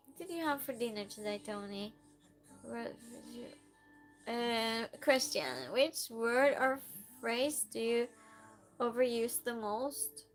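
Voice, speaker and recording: Slow-talking playful woman streamer. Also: a little high, soft background music. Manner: playful, teasing, reads chat aloud. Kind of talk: casual chat with live viewers.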